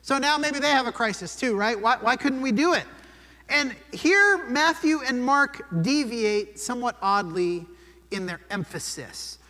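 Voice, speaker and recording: High-voiced male preacher in a reverberant church. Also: measured pace, sharp tone. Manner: conversational, often asks "right?". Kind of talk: sermon. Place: church sanctuary. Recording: long church hall reverb.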